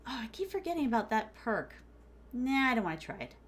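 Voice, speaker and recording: A woman's voice: a little high, sing-song, fairly quick, a bit bright. A woman streaming a game, chatting playfully with her viewers, often giggling and dropping in Japanese phrases. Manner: chatty, playful, talks to chat as "my starlings"; giggly, many fillers like "like". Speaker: VTuber streamer. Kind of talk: casual gaming stream chat.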